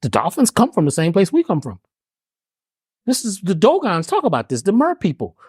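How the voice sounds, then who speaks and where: Sitting high with huge pitch swings and a fairly quick pace, the guest's voice is darkish and husky. He's a spiritual healer and herbalist who, in this interview, teaches like a preacher, emphatic and full of rhetorical questions and slang, captured studio-quality with no room sound.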